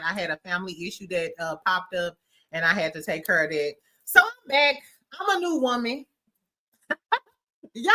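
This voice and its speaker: Livestream host, woman, from St. Louis; bubbly, laughs a lot, forceful bright tone. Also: mid-range voice. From St. Louis, USA. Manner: bubbly, laughs often, greets chat by name. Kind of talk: casual livestream chat.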